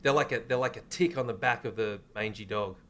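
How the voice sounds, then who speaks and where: A young man co-hosting a comedy podcast, casually pitching a crude, joking movie plot. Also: fairly quick, fairly bright tone. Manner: laid-back storyteller, crude jokes. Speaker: podcast co-host.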